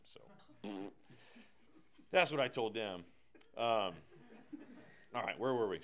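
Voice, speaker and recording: Energetic, joking Bible teacher, a man. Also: lowish voice, a little slow, long pauses.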